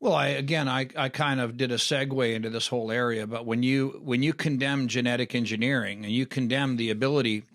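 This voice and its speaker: A man's voice: mid-range voice, fairly even intonation, fairly quick, few pauses, fairly bright tone. A man speaking as an agronomist guest, arguing earnestly and restarting his sentences. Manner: earnest, argumentative, repeats words when starting. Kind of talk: casual interview chat.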